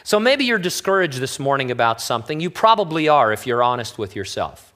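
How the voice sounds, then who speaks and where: A man, a pastor, preaching a sermon in a relaxed, conversational way with wry, joking asides. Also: medium pitch, a little fast.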